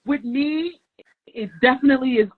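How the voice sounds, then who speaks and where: A woman's voice: high voice, normal speed, phone-quality sound. A middle-aged woman, a guest nail artist, telling stories in a podcast interview and acting out the dialogue. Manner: animated, acts out quoted dialogue.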